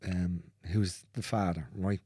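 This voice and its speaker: A man speaking as a guest in a candid conversation, earnest and repetitive, swearing freely and dropping into soft, near-whispered phrases. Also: deep voice, fairly even intonation, slow pace, breathy edge, no echo, clean studio sound.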